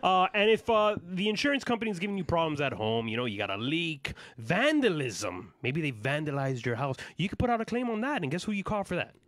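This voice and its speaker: A man hosting a casual live podcast, joking and hyped as he shouts out viewers, sounding a little fatigued. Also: fairly high pitch, sing-song, fairly quick, hardly any pauses, dry recording. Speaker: podcast host.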